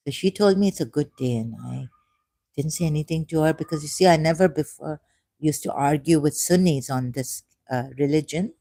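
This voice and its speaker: Woman with a mellow, rambling voice. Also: low voice, normal speed, dry recording. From Pakistan. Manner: digressive, repeats phrases, shifts from soft asides to emphatic raised outbursts. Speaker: ex-Muslim speaker sharing his views. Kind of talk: rambling personal monologue.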